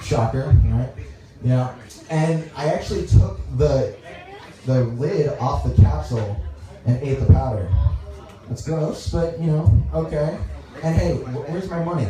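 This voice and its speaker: Young male comic from Dallas, rambling and crude, mellow dark voice, faint music behind. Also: on the high side. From Dallas, Texas. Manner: rambling, halting, crude, talks to the crowd. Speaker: stand-up comedian. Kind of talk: stand-up comedy set. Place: comedy club stage. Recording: echoey room, mic heard from far off.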